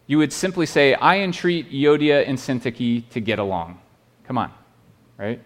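A male pastor delivers a sermon in an earnest, pleading way. His voice sits at a middle pitch, and he often restarts phrases and checks in with the listeners with "right?". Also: moderate pace.

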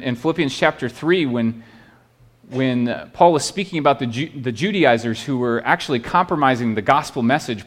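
Guy preaching a sermon, earnest pastor, keeps going "right?", middle pitch. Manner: earnest, pleading, with many restarts and rhetorical "right?".

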